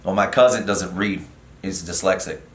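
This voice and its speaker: Middle-aged man, comedian guest, animated and profane, roomy studio echo. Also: low-pitched, moderate pace, a little hiss or hum. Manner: animated, profane, many fillers and restarts. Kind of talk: casual storytelling chat. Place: podcast studio.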